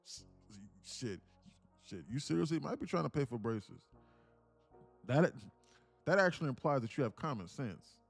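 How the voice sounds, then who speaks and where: Soft music plays behind this day-trading livestream host, whose medium-pitched voice is gravelly and slightly rough, at normal speed with long pauses. His casual chat with viewers is profane, jokey, full of laughter, and lively.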